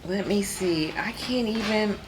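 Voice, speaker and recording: A woman's voice: mid-range voice, unhurried, background noise. A woman hosting a book vlog, chatting casually to camera with playful, exasperated humor and frequent laughter. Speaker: book vlogger host.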